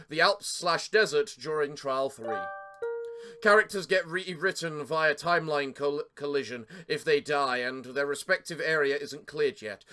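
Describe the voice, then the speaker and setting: A man's voice: a little high, a bit bright. A man doing casual gameplay commentary, reading in-game text aloud with frequent stumbles and self-corrections, and laughing easily.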